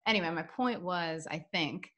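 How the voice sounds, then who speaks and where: A woman's voice: on the low side, moderate pace, a bit bright. A woman hosting an interview, telling a story in a chatty, friendly way over a video call. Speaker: interview host. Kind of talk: casual interview chat.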